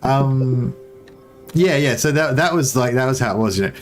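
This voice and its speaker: A man's voice: mid-range voice, moderate pace, soft background music. An Australian man in casual gaming chat, rambling and swearing casually while he plays co-op. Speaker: co-op game streamer.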